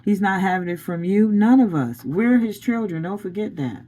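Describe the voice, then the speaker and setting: A woman tarot reader gives a loose spiritual pep talk. She is blunt and preachy, with plenty of slang and frequent laughter. Her voice sits at a middle pitch. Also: expressive, normal speed, mellow, rough recording.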